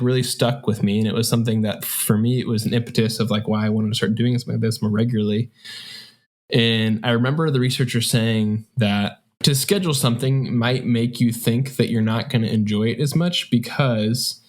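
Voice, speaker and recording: A man's voice: medium pitch, fairly even intonation, a little fast. A man co-hosting a podcast, reflecting in a rambling, casual way with plenty of fillers. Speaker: podcast co-host. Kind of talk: casual book-club chat.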